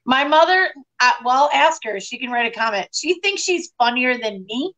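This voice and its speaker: Bright, lively middle-aged woman comedian. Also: sits high, poor audio. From Detroit, USA. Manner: animated, quick storytelling. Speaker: comedian, guest. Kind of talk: casual interview chat.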